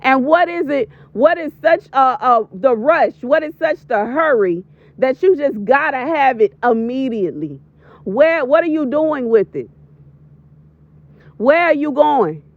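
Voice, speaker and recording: In a dull lo-fi voiceover with no room sound, a high-voiced woman in her thirties issues a preachy, emphatic prophetic warning, repeating lines for stress. She makes prophetic videos.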